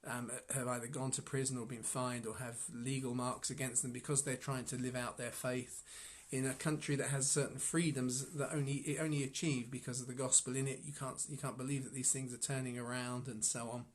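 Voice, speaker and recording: Man, lay Bible teacher, mid-range pitch. Unscripted devotional musing with halting restarts and light chuckles. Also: little pitch movement. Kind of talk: informal devotional reflection.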